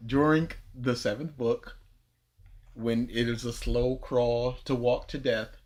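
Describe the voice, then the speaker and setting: A man co-hosting a casual livestream discussion, excitable, acting out quotes and laughing a lot. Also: medium pitch, slow pace. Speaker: livestream co-host.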